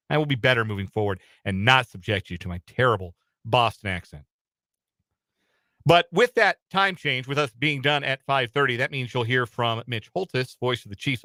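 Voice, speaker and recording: A man's voice: mid-range voice, bright, forceful tone, no echo. A man hosting a sports talk radio show from a studio, talking in a casual, chatty way with some uh fillers and repeats. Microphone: studio microphone.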